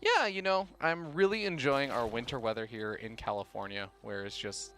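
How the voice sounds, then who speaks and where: Bright-voiced male esports caster. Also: medium pitch, moderate pace, faint music behind. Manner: upbeat, laughs easily. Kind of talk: play-by-play commentary.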